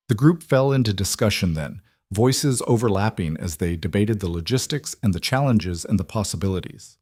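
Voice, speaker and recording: A man narrating a western story in a steady, measured storytelling manner. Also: low voice, no room sound, studio quality. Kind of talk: scripted audiobook narration.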